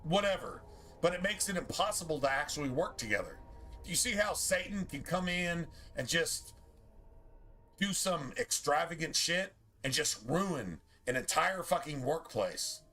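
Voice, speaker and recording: A man's voice: a little high, lively intonation, moderate pace, pushed and bright. A man streaming a game, ranting profanely to his chat in a loose, rambling way. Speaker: gaming streamer. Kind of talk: casual rant to stream chat.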